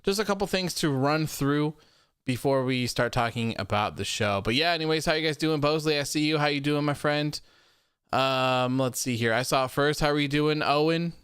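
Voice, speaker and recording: A young man hosting a wrestling post-show livestream, chatting casually with a rambling, relaxed manner and reading out viewer comments. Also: on the high side, moderate pace, smooth, no room sound, clean studio sound. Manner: rambling and relaxed, many fillers and repeats.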